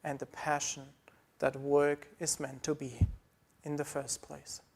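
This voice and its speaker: A man's voice: a little high, completely flat delivery, takes it slowly, gravelly, a little mellow. Earnest man preaching a sermon. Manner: earnest, pleading, repeats phrases. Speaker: pastor.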